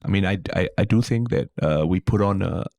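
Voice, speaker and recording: A man in his thirties with a Singaporean accent, telling stories as a comedian guest on a casual podcast, lively and quick to mimic voices. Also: low-pitched, gravelly, no room sound. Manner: animated storyteller, slips into mimicry.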